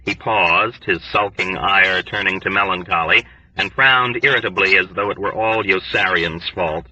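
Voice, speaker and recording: A man narrating an audiobook in an expressive, lively storytelling manner. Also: low-pitched, normal speed, no echo, distant mic. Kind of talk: scripted narration. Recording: dry, dull lo-fi recording.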